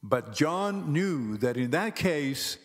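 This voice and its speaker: A man teaching Greek grammar in slow, careful scripted narration, pronouncing each word deliberately. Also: fairly high pitch, very animated. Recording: long hall reverb with faint music.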